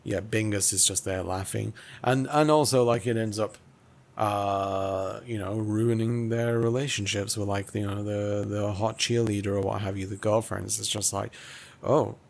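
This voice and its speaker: Male podcast host, low-pitched, rambly and stammering, easygoing comedic banter over a call. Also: steady tone, normal speed, vocal fry. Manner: rambling, stammers with repeated words. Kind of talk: casual comedic chat.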